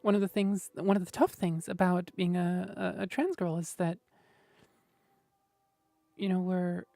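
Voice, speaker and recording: Slow, mellow-voiced woman streamer. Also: lowish voice, no echo. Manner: gentle, thoughtful, explaining, often adds "right?". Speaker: streamer host. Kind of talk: casual livestream chat about voice technique.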